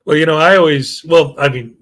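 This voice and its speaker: Man with a chicago accent, livestream host, slightly high voice, relaxed and chuckling. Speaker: show host. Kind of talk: casual livestream chat.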